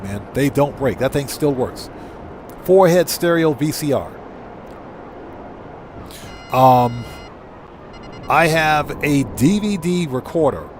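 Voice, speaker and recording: A man's voice: mid-range voice, darkish tone, a little hiss or hum. A middle-aged man hosting a gaming livestream, chatting casually, rambling and correcting himself as he reads chat aloud. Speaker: livestream host.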